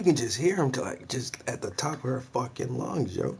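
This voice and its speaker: A man's voice: mid-range voice, sing-song, normal speed, creaky, few pauses. A man ranting casually about his neighbors, slangy, profane and full of laughs. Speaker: vlogger, artist. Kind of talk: casual rant.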